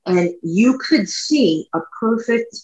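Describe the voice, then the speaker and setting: A woman co-hosting a podcast, telling a personal story in a chatty, rambling way that speeds up and slows down. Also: fairly high pitch, expressive, darkish tone. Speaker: podcast co-host. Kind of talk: casual storytelling chat. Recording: echoey room, dull lo-fi sound.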